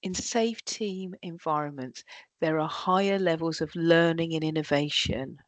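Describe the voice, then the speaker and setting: A woman's voice: low-pitched, unhurried, no room sound. A woman giving a leadership workshop talk, often acting out what colleagues say. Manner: lively, acts out quoted colleagues. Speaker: workshop trainer.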